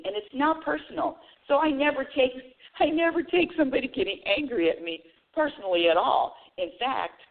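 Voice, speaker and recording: A woman hosting a spiritual talk radio show, telling a story straight to her audience with lots of restarts and repeated words. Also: medium pitch. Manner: animated storytelling, addresses audience directly. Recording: narrow phone-like radio sound.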